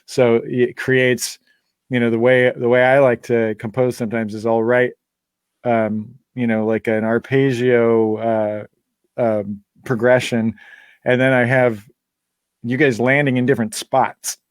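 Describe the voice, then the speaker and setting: A man's voice: medium pitch, level tone, a little slow, smooth, no echo, clean studio sound. A man, a band leader and guitarist, chatting casually on a live stream, rambling with many fillers and frequent laughs.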